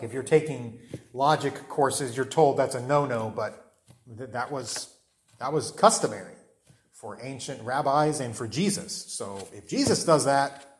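A man preaching a conversational sermon, often restarting phrases and checking in with "right?". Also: fairly high pitch. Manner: conversational, repeats words, often asks "right?".

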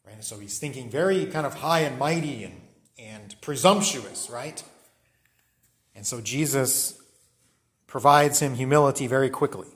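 A man's voice: medium pitch, measured pace, a bit bright. A man teaching a Bible study class in a conversational way, often checking in with the listeners.

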